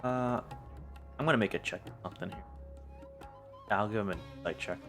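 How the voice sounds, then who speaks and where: A very deep-voiced man runs a tabletop game, narrating scenes and calling for dice checks. Faint music plays under his talk. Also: fairly quick. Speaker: game master.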